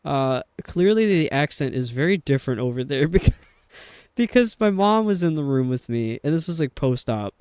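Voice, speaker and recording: A man with a New York accent rambles casually while he streams a game. His voice sits a little high and sounds smooth and clear, recorded close and dry. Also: lively intonation, moderate pace, darkish tone, dry recording. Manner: rambling, chatty. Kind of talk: casual chat while gaming.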